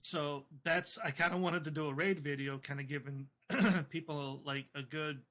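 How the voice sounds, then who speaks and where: A man's voice: on the high side, fairly even intonation, normal speed, bright, forceful tone. A man speaking as a podcast guest in casual chat, laid-back and offhand with some swearing.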